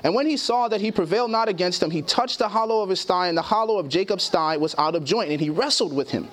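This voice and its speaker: Reading scripture aloud and questioning his audience, the man preaches quickly with few pauses. His voice is high and fairly bright.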